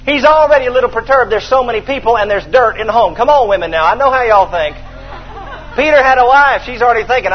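Animated preacher man telling a story. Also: extremely high pitch, fairly quick, highs cut off. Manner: animated storytelling, acting out scenes, calls for response. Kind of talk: sermon.

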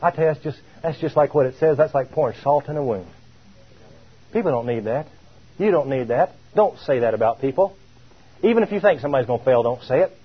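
A man's voice: medium pitch, expressive, fast talker, slightly rough, muffled recording. A man preaching a sermon, emphatic and drawn out, firing rhetorical questions at his listeners.

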